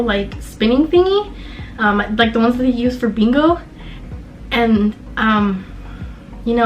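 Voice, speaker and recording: A woman's voice: fairly high pitch, low-quality recording. A young woman from Southern California telling a personal story in a casual, chatty way, full of fillers. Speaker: vlogger.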